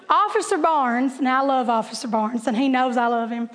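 A woman with a very high voice tells a comic personal story to a crowd, animated and laughing as she acts out every voice. Her words ring out with a long reverb from a large hall. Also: moderate pace, hardly any pauses. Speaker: teacher telling a story to an audience.

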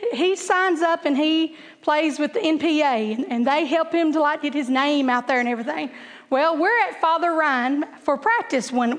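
A woman, telling humorous stories to an audience and laughing at her own jokes. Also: sits high. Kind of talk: humorous storytelling talk to an audience. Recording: long hall reverb.

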